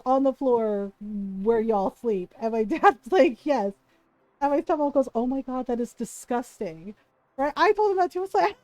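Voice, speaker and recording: A woman's voice: high voice, dry recording. A woman streamer chatting casually, telling a story with frequent laughter and acted-out quotes. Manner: animated, laughs often, acts out quoted voices. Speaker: game streamer.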